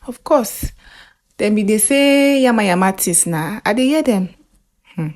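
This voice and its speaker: Woman voicing a hushed, soothing Nigerian wife. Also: mid-range voice, lively intonation, measured pace, close to an everyday voice. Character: calm, soothing young wife.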